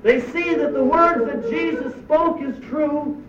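A man's voice: extremely high pitch, unhurried, crowd noise. A man giving a sermon as a pastor, preaching emphatically with rhetorical questions. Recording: echoey distant dull church recording.

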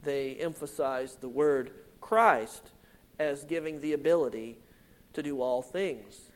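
Guy preaching slow and careful, kinda high voice, words trail off soft at the ends. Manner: slow, deliberate, emphatic preaching with drops in volume at phrase ends. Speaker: pastor. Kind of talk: sermon.

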